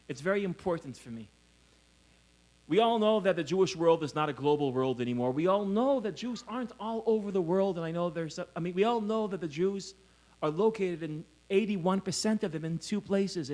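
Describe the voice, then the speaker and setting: A middle-aged man raised in Israel lectures at a conference, with a slightly raised pitch for a man. He tells self-mocking stories and laughs often. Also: animated, brisk, a little mellow. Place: conference hall.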